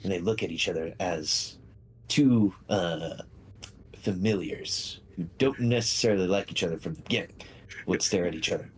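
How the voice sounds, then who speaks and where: A man's voice: low voice, moderate pace, slight background noise. A man narrating as game master in a tabletop game, loose and descriptive. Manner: loose, descriptive, with filler sounds.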